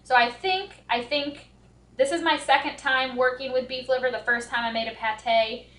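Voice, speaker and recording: A woman's voice: high voice, steady tone, normal speed, fairly bright tone, echoey room. A young woman chatting casually in her home kitchen, nervous and giggly, restarting her sentences as she talks. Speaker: homestead vlogger.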